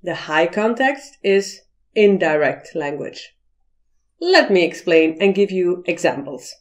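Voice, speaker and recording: This cross-cultural communication teacher has a lowish, sing-song voice. Teaching a video lesson on cultural communication, she takes a slow, deliberate pace and performs the quoted phrases in character.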